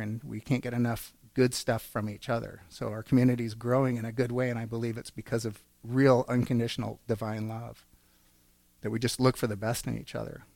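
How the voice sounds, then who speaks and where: A man's voice: medium pitch, gravelly, dry recording. A man giving an earnest personal testimony in a church, telling his story and acting out quotes. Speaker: church speaker.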